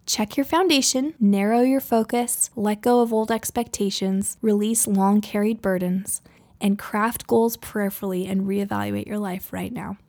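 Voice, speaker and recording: A woman's voice: medium pitch, fairly even intonation, a little slow, a little mellow. A woman in her thirties, a podcast host, giving chatty, conversational advice about parenting and goals, laughing now and then. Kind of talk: casual advice talk.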